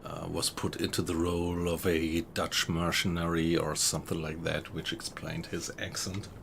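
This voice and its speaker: A man's voice: low-pitched, little pitch movement, normal speed, gravelly, background noise. A man with a German accent, chatting casually to viewers while streaming a video game. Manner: chatty, thanks viewers, laughs often. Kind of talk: casual live-stream commentary.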